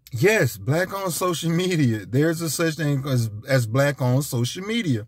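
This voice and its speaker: A man's voice: a little high, animated, a little slow, few pauses, husky, no room sound, clean studio sound. A man giving an emphatic, repetitive, preachy monologue as a vlogger. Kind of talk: casual ranting monologue.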